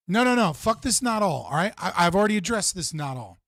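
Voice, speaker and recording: A man's voice: high voice, very animated, fast, few pauses, a bit bright, dry recording. Heated ranting man, dry close sound. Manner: heated, profane, repeats himself for emphasis. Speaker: live stream host. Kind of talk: livestream political rant.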